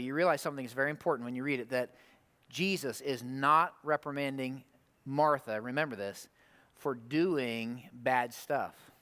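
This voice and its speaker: A man preaching a conversational sermon, animated, often asking the room rhetorical questions. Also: a little high. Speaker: pastor. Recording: long hall reverb.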